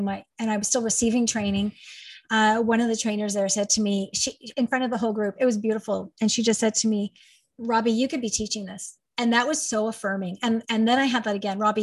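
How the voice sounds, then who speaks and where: A woman's voice: fairly high pitch, no room sound. Emphatic woman telling her story. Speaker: guest, parent advocate and trainer. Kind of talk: conversational interview.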